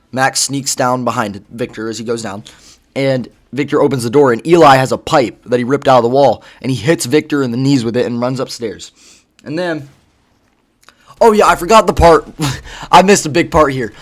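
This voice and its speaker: Man rambling through a story. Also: mid-range voice. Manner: rambling, loose storytelling with frequent fillers and swearing. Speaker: vlogger. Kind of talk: casual plot retelling.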